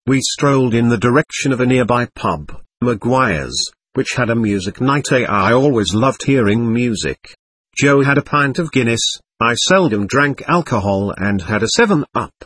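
Husky male audiobook narrator, calm memoir reading, close dry sound. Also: medium pitch, moderate pace, dry recording. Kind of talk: first-person memoir narration.

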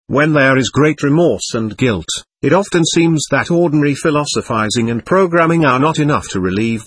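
A man's voice: medium pitch, fairly bright tone, slightly rough, no room sound. A man narrating an audiobook in an earnest storytelling manner, reading the dialogue aloud as well.

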